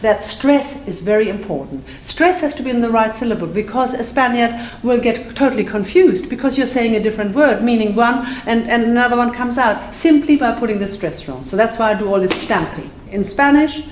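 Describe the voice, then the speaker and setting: A woman teaching a live class, playful and self-mocking, drilling phrases slowly and then fast. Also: a little high, expressive, a little mellow, slight background noise. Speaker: Spanish teacher. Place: classroom with audience. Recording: echoey room with faint ambience.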